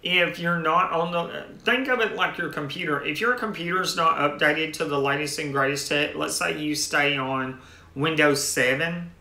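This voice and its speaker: A man's voice: on the high side, normal speed, bright, forceful tone, echoey room, slight background noise. A man hosting a tech channel in casual live-stream chat, rambling with restarted phrases as he answers viewer comments.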